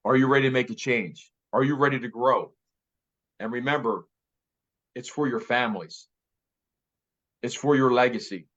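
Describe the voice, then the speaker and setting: A man's voice: medium pitch, moderate pace, long pauses, a bit bright. A man in his fifties giving an emphatic motivational talk as a real estate director, repeating key phrases. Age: 50s. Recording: slightly muffled audio.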